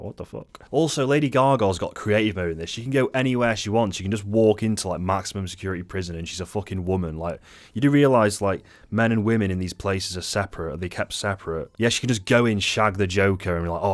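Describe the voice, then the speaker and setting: Man, very low voice, irritated, swearing, rambling film review vlog. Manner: angry, profane, rambling. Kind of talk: unscripted rant-style review.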